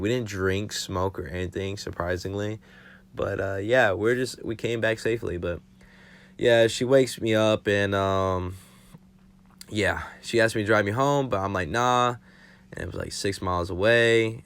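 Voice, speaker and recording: Low-voiced young man rambling through a story. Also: a bit bright. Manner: rambling, profane, full of fillers. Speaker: vlogger. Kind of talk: casual storytime.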